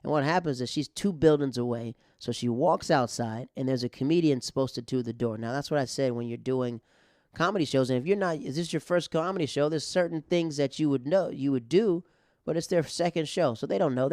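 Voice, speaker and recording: Smooth-voiced man telling a rambling story. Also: mid-range voice, a little fast, a little mellow, no room sound, clean studio sound. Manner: rambling, conversational, with many restarts and fillers. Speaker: comedian and podcast host. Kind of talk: casual storytelling monologue.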